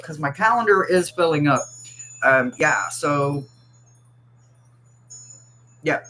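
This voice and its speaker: A tarot reader hosts a livestream, chatting casually, reading the chat aloud, teasing viewers and laughing often. The voice is medium-pitched and a bit bright, unhurried with long pauses, over slight background noise in a rough recording.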